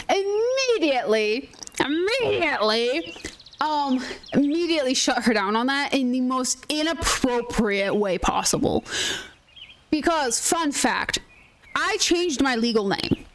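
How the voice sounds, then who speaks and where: Young woman, high voice, animated storytelling, casual gaming chat, faint background noise. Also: measured pace. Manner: animated storytelling, frequent restarts and quoted dialogue. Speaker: gaming streamer.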